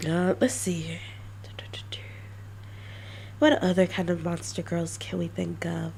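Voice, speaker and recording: A woman streamer chatting casually and brainstorming ideas, halting with many restarts. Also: lowish voice, level tone, vocal fry, a little mellow, a little hiss or hum. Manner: halting, many restarts, self-mocking laughs.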